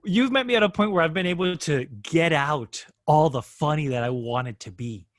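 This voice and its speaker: Animated man telling stories with voices. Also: fairly high pitch, normal speed, no room sound, studio quality. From Miami area. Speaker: improviser and guest. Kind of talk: casual storytelling.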